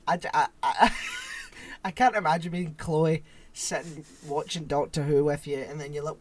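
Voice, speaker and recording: A man's voice: on the high side, fairly even intonation, moderate pace. A man co-hosting a podcast in casual chat, laughing along and dropping dry asides. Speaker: podcast co-host.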